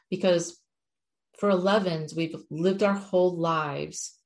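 A woman's voice: sits low, a little mellow. A middle-aged woman, an animal communicator, giving a chatty, frank spiritual talk to her viewers with casual swearing.

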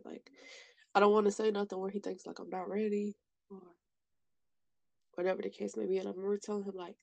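Woman, late 20s, gravelly, candid storytelling, dry close sound. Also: mid-range voice, flat delivery, brisk, long pauses, darkish tone, no echo. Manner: candid, emotional, says "like" often. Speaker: podcast guest sharing her story. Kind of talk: personal storytelling.

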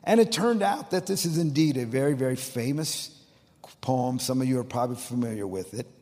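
A male pastor delivers a sermon in an emphatic, storytelling manner, rising to loud outbursts and dropping to near-quiet. His voice sits at an ordinary middle pitch for a man. It rings with the long reverb of a large church sanctuary. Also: brisk. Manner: emphatic storytelling, swinging between loud and soft.

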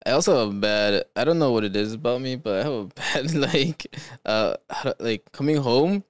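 A man's voice: mid-range voice, expressive, normal speed, dry recording. A man hosting a podcast, chatting casually with lots of fillers and laughs, then reading stories aloud. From California. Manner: laughs often, rambling with fillers. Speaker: podcast host.

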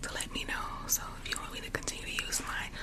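A woman whispering softly and chatting with viewers during an ASMR live stream, close to a sensitive condenser microphone. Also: fast talker. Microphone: USB condenser mic up close.

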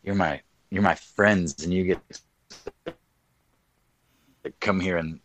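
A man's voice: low voice, steady tone, takes it slowly, a bit bright. A man co-hosting a podcast, talking in a crude, joking, self-mocking casual chat. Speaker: podcast co-host.

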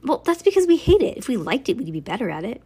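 A woman's voice: on the low side, animated, fast, a little mellow, breathy edge, heavily acted. A woman voicing a grumpy, outspoken young schoolgirl in a storybook, blunt and complaining. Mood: grumbling.

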